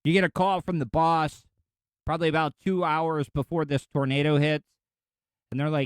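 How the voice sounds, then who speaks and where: A man in his forties from Florida rambles through a solo podcast, opinionated and chatty. His voice sits a little high for a man. The sound is dry and close, with almost no room around it. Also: level tone, moderate pace, clean tone, no echo. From Florida, USA. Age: 40s. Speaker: podcast host. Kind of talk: casual solo podcast monologue.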